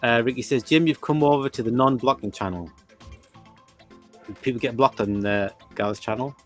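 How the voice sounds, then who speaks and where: A man in his forties co-hosting a livestream, relaxed and easygoing, reading viewer comments aloud. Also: mid-range voice, moderate pace, faint music behind. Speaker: livestream co-host. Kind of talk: casual chat.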